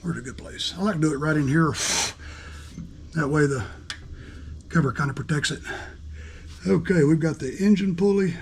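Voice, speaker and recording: Male repair host, folksy workshop patter, gravelly and a little breathless, noisy shop background. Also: a little high, moderate pace, pauses often. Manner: folksy, talks to himself while working. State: slightly out of breath. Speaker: mower repair channel host. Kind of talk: hands-on repair demonstration.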